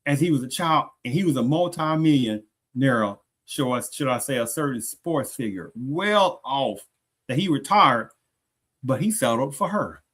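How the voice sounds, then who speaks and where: A man in a mid-range voice, unhurried yet lively in intonation with a fairly bright tone, hosts a reaction commentary channel. He rambles, often starting sentences over and posing rhetorical questions such as "do you understand?" again and again.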